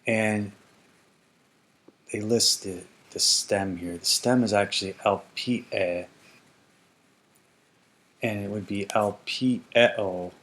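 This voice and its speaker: A man's voice: lowish voice, steady tone, takes it slowly, long pauses, fairly bright tone. A man teaching ancient Greek grammar in a casual explanatory lesson, thinking aloud and correcting himself as he goes.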